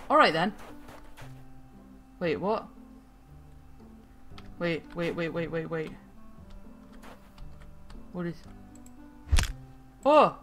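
A woman hosting a gaming channel, giving excitable let's-play commentary, swearing freely and laughing often as she plays. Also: mid-range voice.

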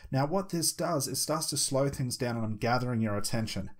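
A man teaching hypnosis, talking to the viewer and slowing down with deliberate pauses to show a hypnotic voice. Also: mid-range voice, animated. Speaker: hypnosis instructor. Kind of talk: instructional talk.

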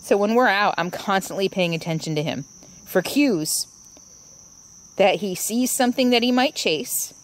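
A woman's voice: medium pitch, expressive, normal speed. A woman vlogging about her RV life at a trailhead, talking in a reflective, rambling way with restarts. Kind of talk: casual vlog monologue. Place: outdoors at a trailhead.

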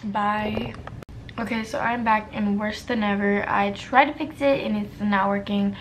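A young beauty vlogger talks through a makeup tutorial in a casual, self-deprecating, flustered way, muttering to herself. Her mid-range voice holds a steady tone at a measured pace, though the recording is very noisy.

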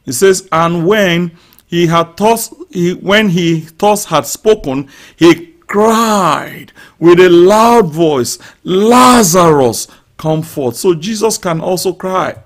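High-voiced, fervent preaching man. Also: slow pace. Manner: fervent preaching, rising to loud shouts; speaks in tongues and prays aloud over listeners. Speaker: pastor. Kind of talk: live-streamed sermon.

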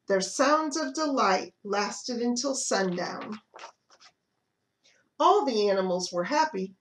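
A woman librarian reading picture books aloud to toddlers, in an expressive, animated storytelling manner. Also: mid-range voice, slow. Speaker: children's librarian.

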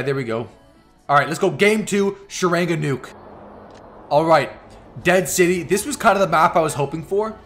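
Excitable man narrating gameplay. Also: on the high side. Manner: excitable, trash-talking the enemies. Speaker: gaming YouTuber. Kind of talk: live gameplay commentary.

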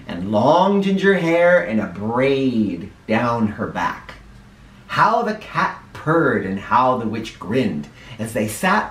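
A man reading a children's picture book aloud in a playful, animated way. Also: medium pitch. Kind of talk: read-aloud storytelling for kids. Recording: echoey room, mic at a distance.

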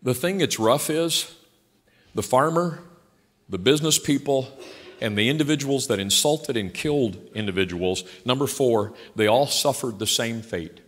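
Older male pastor, emphatic folksy sermon, mid-pitched voice, reverberant sanctuary. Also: normal speed. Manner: emphatic, swinging from quiet asides to loud passionate outbursts; blunt and folksy. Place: large church sanctuary. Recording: long hall reverb in a church.

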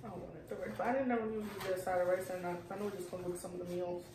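A woman's voice: on the low side, fairly even intonation, racing. A woman chatting casually while eating on a food review show, playfully anxious about unfamiliar food. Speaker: co-host. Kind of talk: casual mukbang chat. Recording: echoey room, mic at a distance, noisy.

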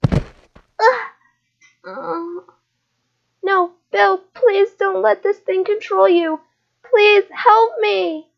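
Panicked young boy, woman voicing, high and stammering, lo-fi fan drama. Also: very animated, extremely slow, gravelly, pauses often, slightly rough, full character voice. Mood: terrified. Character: frightened young boy in danger.

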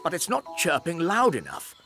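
A man voicing a fussy, excitable fairy king in a cartoon, given to gasps and shouts. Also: fairly high pitch, normal speed. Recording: cartoon soundtrack with loud music. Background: music.

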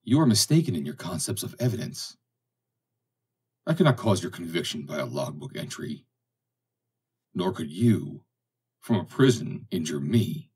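A man reading the lines of a stern, calculating ship captain in a measured, commanding way, as audiobook dialogue. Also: sits low, big pitch swings, darkish tone, slightly rough, recorded from a distance, heavily acted. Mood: probing.

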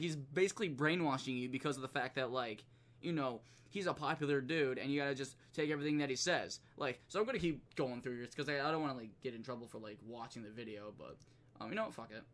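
A man's voice: mid-range voice, quick pace. A man streaming, ranting casually with lots of swearing and laughter. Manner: profane, animated, laughs often.

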